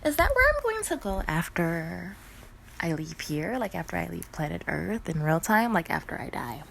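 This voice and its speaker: Stoned, rambling woman with a gravelly voice. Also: lowish voice, very animated, normal speed, fairly bright tone, a little hiss or hum. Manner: rambling, profane, self-interrupting, laughing often. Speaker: vlogger. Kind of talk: rambling casual storytime.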